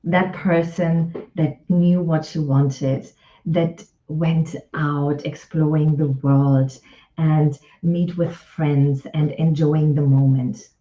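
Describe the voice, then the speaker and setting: A woman's voice: sits low, fairly even intonation, slow pace, dark tone. A woman, a relationship coach giving a reflective live talk full of client stories and repeated phrases. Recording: roomy echo, dull lo-fi sound.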